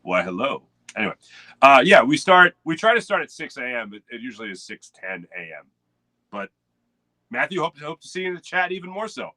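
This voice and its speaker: A chatty male sports host with a bright, forceful, fairly high voice. He rambles loosely and greets viewers in the chat by name. The sound is dry and close, as from a home studio mic. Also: no room sound. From United States. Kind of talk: casual live morning sports show.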